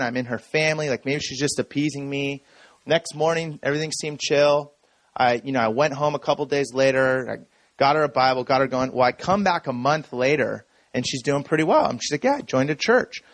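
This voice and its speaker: A man telling a personal story from the stage in a relaxed, conversational way, checking in with the audience as he goes. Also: mid-range voice, no echo. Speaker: speaker. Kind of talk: conference talk.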